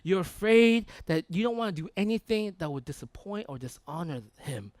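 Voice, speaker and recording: A man preaching a sermon in a conversational, animated way, often checking in with the congregation. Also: high-pitched, normal speed, dry recording. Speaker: pastor. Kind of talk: sermon with storytelling.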